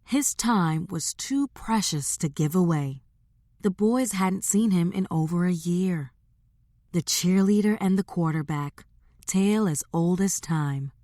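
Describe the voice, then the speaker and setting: An audiobook narrator reads a romance aloud from a script, her lowish voice measured and steady. The studio sound is clean, with no room sound.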